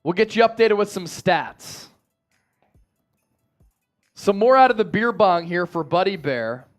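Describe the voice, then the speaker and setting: High-pitched dude hosting a live watch stream, hyped, reading chat names, faint music behind. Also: male voice, a little slow. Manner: energetic, reads chat shout-outs, chants. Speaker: host of a live sports watch party. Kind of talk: casual live-stream chat and game analysis.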